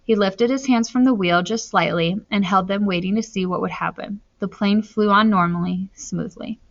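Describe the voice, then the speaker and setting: A woman's voice: medium pitch, moderate pace, lo-fi sound. A woman reading a novel aloud as an audiobook narrator, telling the story steadily and lifting her voice in tense moments.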